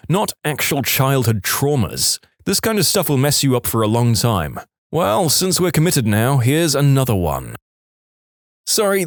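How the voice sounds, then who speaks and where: Lively man reading stories. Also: mid-range voice, no echo, studio quality. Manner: lively, playful storytelling with voiced quotes. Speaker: narrator. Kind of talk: reading online stories aloud.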